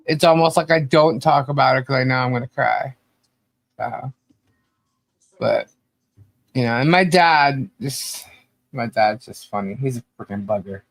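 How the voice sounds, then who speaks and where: A woman's voice: very deep voice, measured pace, pauses often, dry recording. A woman co-hosting a podcast in casual chat, fondly and emotionally reminiscing and laughing often. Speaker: podcast co-host.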